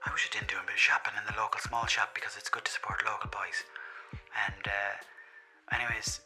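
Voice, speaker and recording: A man's voice: on the low side, flat delivery, fast talker, pushed and bright, faint music behind, rough recording. A man with an Irish accent playing a long-winded caller who reports a crime, swearing and piling up details. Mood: aggrieved rambling.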